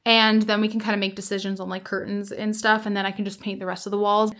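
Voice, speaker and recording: A woman's voice: medium pitch, flat delivery, fast, fairly bright tone. A young woman chatting casually to camera at home in a vlog, bubbly and chatty. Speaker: vlogger.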